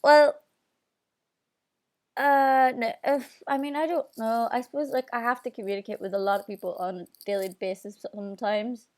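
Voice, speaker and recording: A young Northern Irish woman hosting a casual live stream, bubbly and chatty as she answers viewer comments. Her voice sits fairly high for a woman. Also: fairly even intonation, normal speed, darkish tone. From Northern Ireland.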